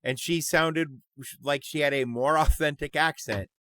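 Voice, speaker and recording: A middle-aged man co-hosting a casual podcast chat, talkative and quick to tell a joke. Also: fairly high pitch, steady tone, pushed and bright, no room sound. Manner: chatty, tells jokes, goes off on tangents. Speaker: podcast co-host.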